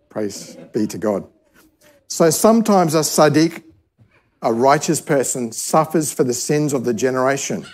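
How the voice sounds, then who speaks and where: A man's voice: on the high side, a little mellow. A man preaching a sermon to a church service, telling a parable in an easygoing, conversational way and often restarting his sentences. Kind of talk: sermon teaching.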